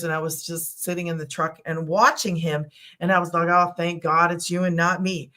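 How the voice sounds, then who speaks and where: A woman's voice: mid-range voice, pushed and bright. A middle-aged woman hosting a casual live stream, telling a story in a rambling, chatty way full of asides. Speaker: online business host.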